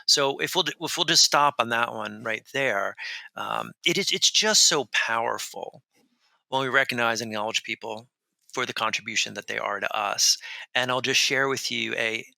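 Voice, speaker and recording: A man speaking as a guest author in a podcast interview, telling a story in an animated, rambling way with many restarts. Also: mid-range voice, normal speed, creaky, no echo, rough recording. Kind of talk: conversational storytelling.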